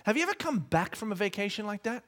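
A man in his thirties preaching a sermon, telling stories in a lively, conversational way and acting out the dialogue. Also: high voice, quick pace. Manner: animated storytelling, acting out quoted dialogue; conversational with many restarts. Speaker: pastor.

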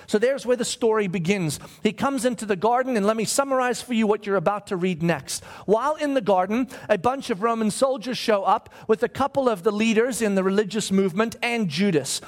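A male pastor preaching a sermon, telling the story with animated asides and acted-out voices. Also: high voice, brisk, hardly any pauses.

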